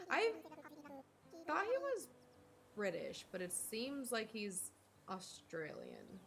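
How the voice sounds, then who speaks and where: A woman's voice: fairly high pitch, wildly swooping pitch, slow pace, vocal fry, long pauses, fairly bright tone, slight background noise. A young woman streamer chatting casually while she plays a cozy life-sim game, rambling and talking to her chat.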